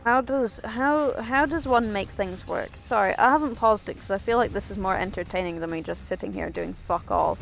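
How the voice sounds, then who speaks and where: A woman's voice: medium pitch, moderate pace, vocal fry, hardly any pauses, soft background music. A woman chatting casually while streaming a game, rambling and swearing in self-mocking asides. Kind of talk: casual gameplay stream chat.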